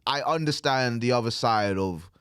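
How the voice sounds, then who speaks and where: A man co-hosting a podcast, rambling and swearing casually in relaxed chat. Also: mid-range voice, moderate pace, clean tone, dry recording, studio quality. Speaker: podcast co-host.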